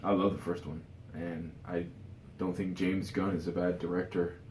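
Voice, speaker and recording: A man's voice: sits low, level tone, normal speed, a little mellow, reverberant, slight background noise. A tired man giving his casual opinions in a rambling vlog, full of fillers and restarts. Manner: rambling, many "you know" fillers and restarts. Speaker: vlogger.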